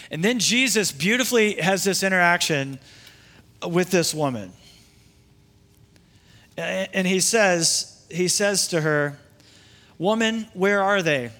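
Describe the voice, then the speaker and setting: A man's voice: high voice, expressive, slow, long pauses, bright, forceful tone. A man pastor preaching a sermon in a conversational way, with asides and restarts.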